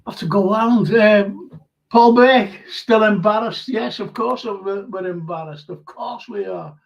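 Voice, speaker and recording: Older male host, slow and high-voiced, chatty and emotional reading viewer comments; slightly muffled stream audio. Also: gravelly. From England. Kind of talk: live fan-show chat reading comments.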